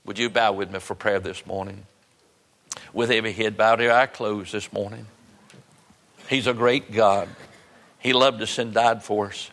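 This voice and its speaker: A man's voice: on the low side, steady tone, normal speed, vocal fry, pauses often, a bit bright. Man, pastor, sermon, earnest, repetitive pleading, long hall reverb. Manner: earnest, pleading, repeats phrases. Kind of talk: sermon with altar call.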